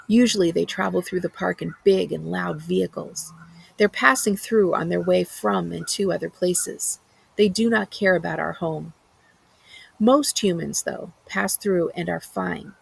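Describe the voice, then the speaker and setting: Gravelly-voiced woman librarian reading aloud. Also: lowish voice, no room sound, low-quality recording. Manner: earnest, enthusiastic book talk with some fillers. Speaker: school librarian. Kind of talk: reading a book aloud and recommending it.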